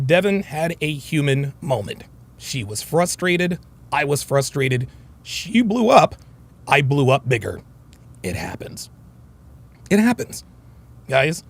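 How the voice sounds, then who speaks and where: A man talks straight to his viewers in a casual commentary monologue, swearing freely as he tells a story. His pitch climbs and dips a lot, and a gravelly rasp sits under it. He speaks a bit higher than most men. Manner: profane, storytelling, animated. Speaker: commentary host.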